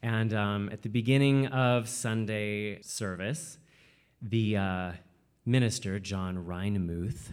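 A man from Washington state telling a personal story, animated and full of "like" fillers, often slipping into quoted voices. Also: fairly low pitch, slow pace, smooth. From Washington state, USA.

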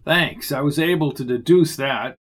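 A man's voice: on the high side, normal speed, fairly bright tone, husky. A man reading the lines of a grumpy, sarcastic male detective in a clipped manner. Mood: gruff sardonic.

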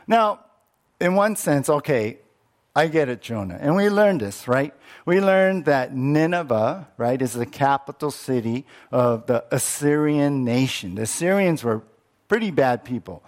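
A man preaching a sermon as pastor, animated, acting out quoted lines with many restarts. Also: mid-range voice, a little slow.

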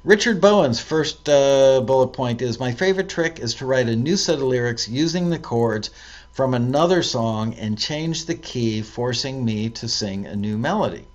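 A man's voice: mid-range voice, lively intonation, moderate pace, muffled recording. Man reading tips aloud, chatty asides. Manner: reads aloud and comments, with many ums and self-corrections. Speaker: host reading listener tips. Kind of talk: casual live-stream talk.

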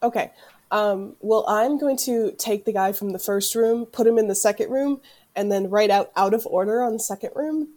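A woman's voice: medium pitch, normal speed, mellow. A woman playing a tabletop role-playing game, speaking plainly and matter-of-factly. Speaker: player. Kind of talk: casual tabletop play.

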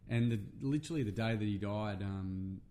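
A man's voice: lowish voice, normal speed, mellow, a little hiss or hum. A middle-aged Australian man, a men's workshop facilitator, telling a personal story in casual, earnest talk with plenty of fillers and swearing.

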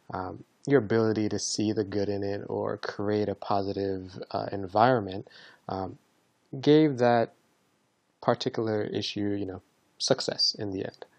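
A man with a lowish voice hosts a podcast. He asks long, rambling questions full of fillers, recorded close and dry with no room sound. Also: darkish tone, dry recording, muffled recording. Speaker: podcast host. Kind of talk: casual interview chat.

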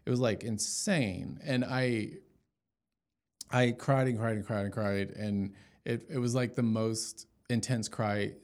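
A man's voice: fairly low pitch, steady tone, slow, darkish tone. A man giving an emotional personal testimony as an interview guest, talking in a storytelling way with many fillers and restarts.

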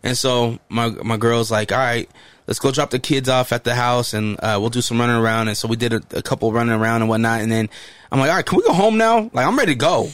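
A young adult man co-hosting a podcast, telling a story in a relaxed, easygoing way. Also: mid-range voice, fast, no room sound. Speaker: podcast co-host. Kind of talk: casual storytelling chat.

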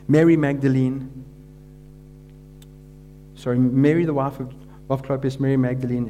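Mellow-voiced man preaching a dramatic retelling. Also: fairly high pitch, slight background noise. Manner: dramatic retelling, voice rising and dropping to a hush for quoted words. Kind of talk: sermon storytelling.

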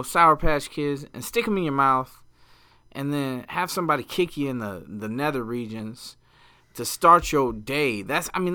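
Bright-voiced man gushing with colorful slang. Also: on the high side. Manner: colorful, profane enthusiasm. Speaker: podcast guest. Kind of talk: casual chat.

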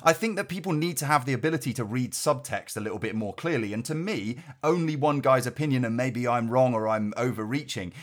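Male podcast co-host, mid-pitched, earnest and passionate, chatty conversational delivery. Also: fairly quick, few pauses. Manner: passionate, earnest, heavy use of "like" fillers. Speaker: podcast co-host reviewing films. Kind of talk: casual conversational review. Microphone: headphones and podcast mic.

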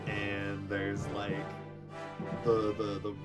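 A man's voice: fairly low pitch, completely flat delivery, very slow, loud music behind the voice. A man narrating as game master of a tabletop game, describing scenes in rambling, filler-heavy speech.

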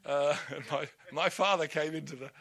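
A male preacher giving a lively storytelling sermon with humorous asides. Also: fairly high pitch, normal speed, vocal fry. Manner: animated, storytelling, laughing asides.

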